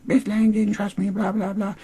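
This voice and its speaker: A man doing a mocking falsetto impression of a whiny, dramatic, self-pitying young woman. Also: level tone, normal speed, mellow, breathy edge. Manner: exaggerated sarcastic impression.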